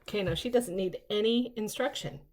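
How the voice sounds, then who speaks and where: An older woman hosting a casual unboxing vlog, chatty and excitable, rambling into asides. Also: mid-range voice, brisk, faint music behind. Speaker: vlog host.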